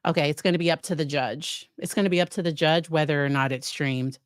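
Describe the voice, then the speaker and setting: A woman's voice: low-pitched, quick pace, clean tone, no room sound, studio quality. A woman psychologist giving casual live-stream commentary, talking to her chat with frequent restarts and fillers. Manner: conversational, many restarts and fillers; talks to chat viewers by name. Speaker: psychologist commenting on a court case.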